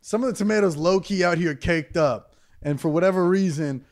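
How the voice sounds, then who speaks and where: A young man with a fairly high voice riffs in crude, slang-heavy comedy banter. He tosses "bro" into nearly every line and keeps it loose and casual. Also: fairly quick, darkish tone. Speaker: podcast co-host.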